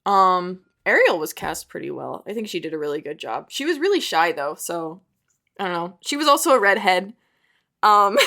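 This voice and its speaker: Her mid-range voice has a fairly bright tone. She's a young adult artist and video creator in a casual chat, talking in a rambling, chatty manner with self-deprecating asides.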